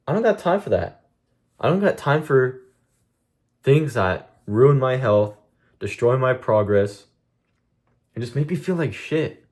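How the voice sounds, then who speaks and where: A man's voice: medium pitch, big pitch swings, a little slow, pauses often, a little mellow. A young man streaming a blunt, profane monologue to his chat, venting intensely about discipline and cutting things out. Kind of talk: casual vlog monologue to chat.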